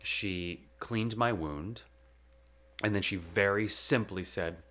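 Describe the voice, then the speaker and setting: Man, low voice, bright forceful tone, measured eulogy delivery, thoughtful pauses. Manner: measured and reflective, with slow emphatic pauses. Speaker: podcast host.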